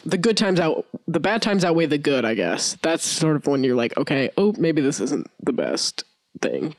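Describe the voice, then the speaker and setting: A woman's voice: low-pitched, no room sound, studio quality. A young woman co-hosting a casual podcast, chatty and self-mocking, talking through restarts and fillers. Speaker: podcast co-host.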